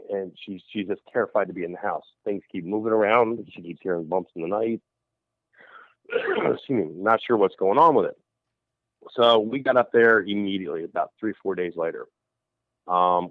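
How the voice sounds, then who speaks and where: A man's voice: on the low side, no room sound. A man who is a paranormal investigator tells a story in a radio interview, acting out the other people's voices as he goes. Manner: animated storyteller who acts out quoted voices. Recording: tinny phone line, dry.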